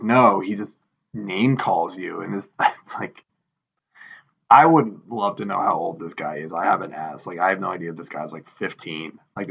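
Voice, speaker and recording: Gravelly man telling a heated story. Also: lowish voice, lo-fi sound. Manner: animated storytelling, acts out quotes with exasperation. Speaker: podcast co-host. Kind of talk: casual chat.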